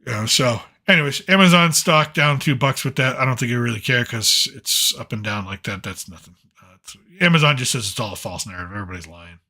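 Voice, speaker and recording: A man hosts a casual late-night monologue, telling rambling anecdotes that drift from point to point. His voice is bright and forceful at a middling pitch. He keeps reining himself back in with filler like "so anyways". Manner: rambling, digressive storytelling with frequent "so anyways". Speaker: host.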